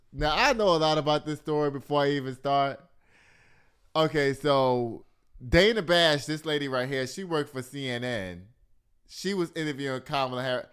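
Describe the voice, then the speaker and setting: A man's voice: a little high, moderate pace, fairly bright tone, clean tone. A man hosting a casual news and gossip commentary show, talking straight to his viewers as "y'all" and swearing freely.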